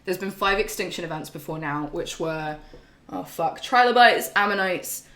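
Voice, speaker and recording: A woman's voice: fairly low pitch, normal speed, fairly bright tone. A woman streamer giving a casual, rambling game recap to her live chat, swearing freely and full of ums and laughs. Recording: roomy echo.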